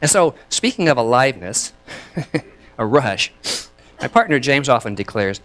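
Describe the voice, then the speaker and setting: Male minister, sermon, chatty delivery with a lively, swinging pitch, leads call and response. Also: normal speed, pauses often. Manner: lively, chatty, laughs between thoughts.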